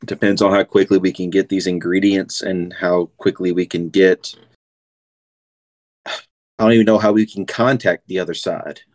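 A man's voice: sits low, steady tone, moderate pace, a little mellow. A man acting as game master, laying out the plan in a tabletop game while thinking aloud.

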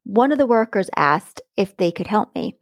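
A middle-aged woman talks straight into a close mic, with a dry sound and no room around her. She tells her story to listeners in a chatty, animated way. She is blunt, and her voice has a middle pitch. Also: moderate pace, no room sound. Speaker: podcast host. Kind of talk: casual storytelling monologue.

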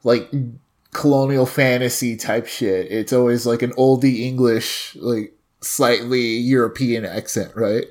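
A man on a casual podcast, with an average pitch, mostly chiming in with quick, short agreeing replies. He sometimes adds his own brief take in an offhand way. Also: fairly even intonation, a little mellow. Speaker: podcast co-host. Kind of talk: casual movie review chat.

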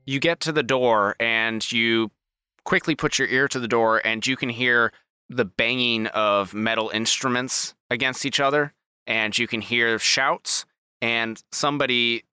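A man narrating as game master of a tabletop game, describing scenes in a relaxed way with small restarts. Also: medium pitch, unhurried, smooth, no room sound.

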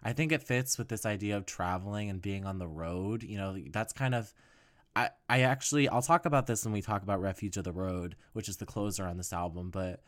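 A man's voice: lowish voice, fairly quick. A man hosting a solo music podcast, chatting casually with lots of fillers and jokes at his own expense. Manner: chatty and self-mocking, many fillers, swoops up when excited. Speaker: podcast host.

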